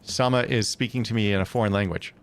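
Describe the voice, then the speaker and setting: A man's voice: lowish voice, fairly even intonation, fast, a little hiss or hum. A man live-streaming a building game, chatting casually and thinking aloud with many hesitant self-corrections.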